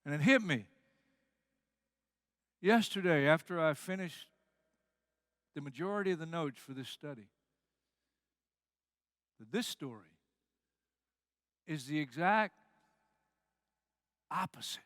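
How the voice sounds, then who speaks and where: A man's voice: a little high, slow, long pauses, dry recording, clean studio sound. A man preaching a sermon as pastor, telling stories with energy and acting out the quoted lines. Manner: animated storytelling, acts out quotes.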